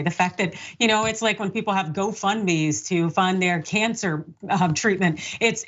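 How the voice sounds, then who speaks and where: A woman's voice: medium pitch, a bit bright. A woman guest commentator speaking earnestly in a conversational way, with some filler words. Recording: slightly muffled, lo-fi audio.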